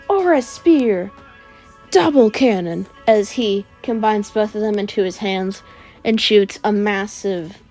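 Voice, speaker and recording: A woman's voice: mid-range voice, darkish tone. A woman casually retelling a fan story, rambling with lots of "uh" and "like". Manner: rambling, full of "uh" and "like".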